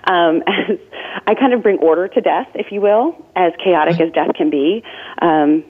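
A woman's voice: on the low side, moderate pace, breathy edge. A woman in her forties, a death doula and former nurse, giving earnest, chatty interview answers full of "like"s. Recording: tinny phone-line sound.

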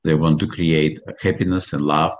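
Man, middle-aged, Belarusian accent, very low voice, earnest, hesitant. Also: steady tone. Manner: earnest, hesitant, many uh pauses. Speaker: guest. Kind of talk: interview answers.

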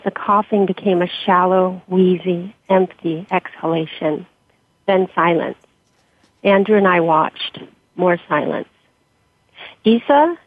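Husky woman reading her memoir by phone. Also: fairly low pitch. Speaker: author and interview guest. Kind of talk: reading her memoir aloud, then interview answers. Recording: dry tinny phone-like line.

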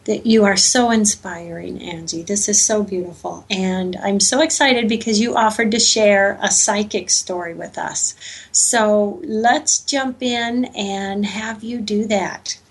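A woman's voice: mid-range voice, unhurried, slightly rough. Enthusiastic woman interview host. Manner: warmly enthusiastic, gushing. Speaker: podcast host. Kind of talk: interviewing a guest.

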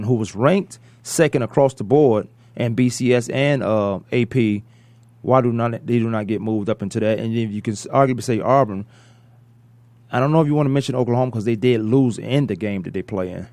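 A man hosting a sports talk radio show, rambling through animated opinions and correcting himself as he goes. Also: medium pitch, fairly quick, no room sound.

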